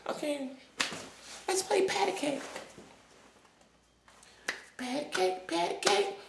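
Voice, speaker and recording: A woman's voice: high-pitched, big pitch swings, slow pace, gravelly, exaggerated voice. A woman acting as a restless little kid stuck indoors, chattering in a childish sing-song and whining. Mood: playful. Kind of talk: comedic character vlog. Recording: echoey room, distant mic, faint noise.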